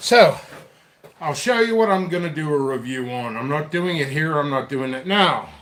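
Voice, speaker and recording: A man's voice: on the high side, expressive, moderate pace, a bit bright. A man hosting a casual solo vlog, rambling and chatting to himself as he works in a basement. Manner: rambling, chatty, talks to himself while working. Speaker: pepper seed seller and channel host.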